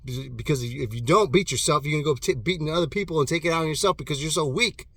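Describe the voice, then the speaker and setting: Passionate, profane man, slightly high voice. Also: very fast, no room sound. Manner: passionate and profane, swings between loud bursts and hushed intensity. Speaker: motivational vlogger. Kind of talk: impassioned motivational monologue. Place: alone in his own private room.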